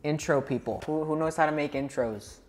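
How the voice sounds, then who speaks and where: Animated self-mocking man co-hosting. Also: on the high side, brisk, a little hiss or hum. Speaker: co-host of a reaction channel. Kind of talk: casual chat reacting to videos.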